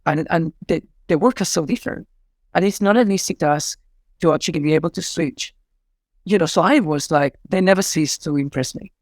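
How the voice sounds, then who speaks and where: A man's voice: a little high, brisk, dry recording, studio quality. A middle-aged man with a Spanish accent, answering interview questions in an effusive, rambling way with many fillers. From Spain. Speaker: artistic director and choreographer.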